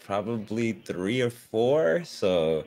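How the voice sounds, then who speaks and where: A man co-hosting a podcast in casual chat, chatty and quick to laugh. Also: lowish voice, big pitch swings, a little mellow. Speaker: podcast co-host.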